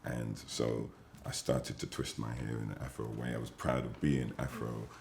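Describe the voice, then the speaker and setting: An English man being interviewed, talking in a measured, musing way with pauses and fillers. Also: rumbling low, level tone, vocal fry, a little mellow, echoey room, a little hiss or hum. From England. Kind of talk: reflective interview talk.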